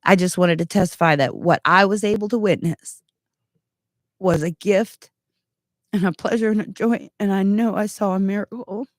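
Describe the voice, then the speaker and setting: A woman in her thirties giving an earnest, animated personal testimony, full of asides. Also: mid-range voice, normal speed, no echo, studio quality.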